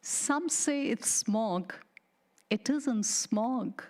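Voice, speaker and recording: A woman poet giving a slow, deliberate, mournful dramatic poetry reading, sometimes dropping to a hushed whisper. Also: on the high side, animated. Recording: studio radio reading.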